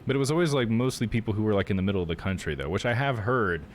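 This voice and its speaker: Rural Midwestern guy, low voice, rambling live game commentary. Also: expressive, racing, slight background noise. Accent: rural Midwestern American. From United States. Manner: rambling, full of "like" and restarts. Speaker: streamer.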